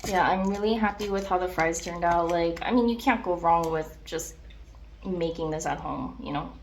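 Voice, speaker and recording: A young woman in a mukbang vlog, chatting casually and excitedly between bites, with lots of "like" and appreciative "mm" sounds. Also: lowish voice, normal speed, slight background noise. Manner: chatty, filler-heavy, excitable, with chewing and "mm" sounds between remarks. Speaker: mukbang vlogger. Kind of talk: casual chat while eating.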